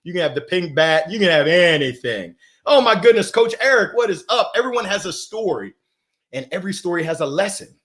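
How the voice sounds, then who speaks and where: On a lively live stream, a motivational host reads chat comments and calls out viewers by name, laughing frequently and brimming with energy. His voice is high and fairly bright, with lively intonation and a slightly fast delivery.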